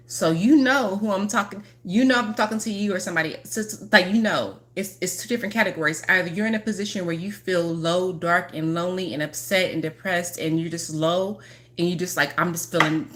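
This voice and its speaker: Brief: woman spiritual healer, low-ish voice, repetitive and emphatic reading. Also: fairly bright tone. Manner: urgent, repetitive, chatty. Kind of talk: astrology reading to camera.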